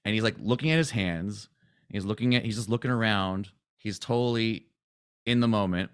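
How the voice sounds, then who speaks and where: Low-voiced man retelling a story. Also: normal speed, clean tone. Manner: animated retelling, acts out quotes, frequent "right?". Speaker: spiritual coach. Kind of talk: casual storytelling to a group.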